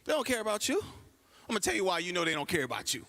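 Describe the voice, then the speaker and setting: A man's voice: sits high, quick pace, creaky. A man doing a stand-up comedy set at a church comedy night, telling stories and acting out the people in them. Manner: animated storytelling, acts out quoted people.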